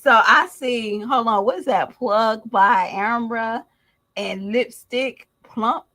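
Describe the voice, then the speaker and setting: Slow-talking, slangy woman vlogger. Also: on the high side, pushed and bright, low-quality recording. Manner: slangy, laughing, drawn-out and emphatic. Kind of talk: casual gossip commentary.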